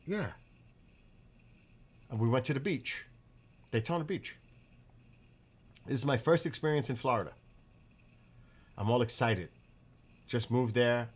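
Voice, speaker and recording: A man's voice: mid-range voice, measured pace, pauses often. A middle-aged man from the northeastern US telling rambling, profane stories in a casual monologue. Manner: rambling, profane, animated retelling.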